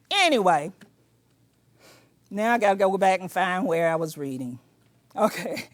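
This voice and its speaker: A woman's voice: high-pitched, no echo, studio quality. Emphatic older woman lecturing, preacherly. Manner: preacherly, emphatic, sometimes shouting; conversational asides, colloquial. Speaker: speaker.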